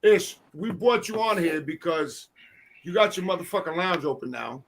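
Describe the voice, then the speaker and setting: Casting: middle-aged man, high voice, animated storytelling host, salty language. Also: moderate pace, a little hiss or hum. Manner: animated storyteller, acts out quotes with profanity. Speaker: podcast host. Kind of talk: casual storytelling chat.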